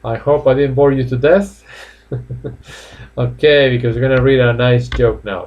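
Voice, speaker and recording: A man teaching English in a live online class from home, chatty, repeating each phrase slowly. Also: mid-range voice, muffled recording.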